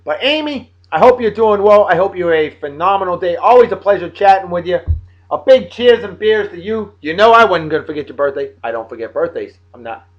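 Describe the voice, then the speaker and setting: A man in his late thirties from Massachusetts, hosting a casual video blog and giving playful, hearty birthday shout-outs to friends. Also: sits high, expressive, brisk, highs cut off. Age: late 30s.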